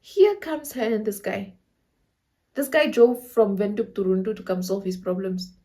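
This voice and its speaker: A young woman with a Namibian accent telling a dramatic story to camera in a casual, animated way, acting out quotes and laughing often. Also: mid-range voice, moderate pace. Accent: Namibian English. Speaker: storytelling vlogger.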